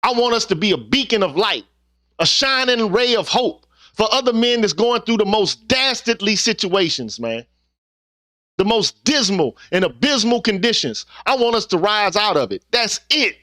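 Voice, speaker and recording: Middle-aged guy preaching at his viewers, swears a lot, bright tense voice, keeps saying man. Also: high voice, sing-song, normal speed, dry recording, studio quality. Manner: earnest, preachy, profane, peppered with "man". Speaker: YouTube vlogger. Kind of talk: impassioned casual monologue.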